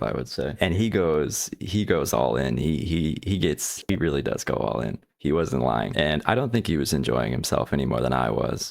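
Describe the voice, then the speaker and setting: A man's voice: extremely low pitch, gravelly, no room sound, clean studio sound. A man giving an earnest explanatory commentary, walking through a chart he made and repeating words as he searches for phrasing. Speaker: video creator explaining his own chart.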